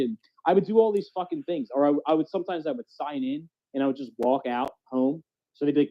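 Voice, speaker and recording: A fairly high-voiced man talking on a casual podcast, animated and profane, tripping over his own restarts. The audio sounds dull and lo-fi, with the top end rolled off. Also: fast talker. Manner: animated, swearing, restarts often. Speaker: podcast host. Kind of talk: casual chat.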